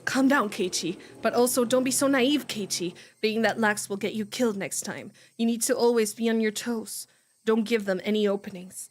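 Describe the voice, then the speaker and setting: A woman's voice: a little high, normal speed, lightly acted. A woman reading the first-person narration of a wary, paranoid teenage boy in a readalong, in a tense, self-warning inner monologue.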